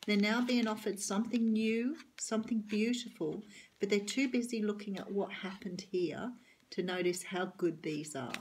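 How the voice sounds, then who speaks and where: A middle-aged Australian woman with a husky voice, giving an earnest, reassuring tarot reading straight to the camera. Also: medium pitch, slight background noise. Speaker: tarot reader.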